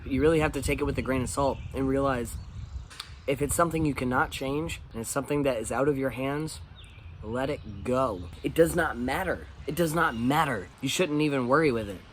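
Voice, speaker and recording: A man's voice: medium pitch, a little fast, slight background noise. A man talking candidly in a casual vlog monologue, blunt and swearing freely. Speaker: vlogger.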